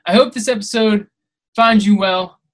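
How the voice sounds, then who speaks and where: A man's voice: high-pitched, fairly even intonation, moderate pace, a bit bright, poor audio. Preachy motivational podcast man. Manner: preachy and exhorting, rising to emphatic peaks. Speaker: podcast host.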